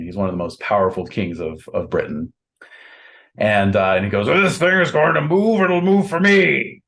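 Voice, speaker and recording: Low-voiced guy gm narrating a tabletop game, lots of ums, descriptive and rambly. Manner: descriptive, halting with fillers, acts out voices. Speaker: game master.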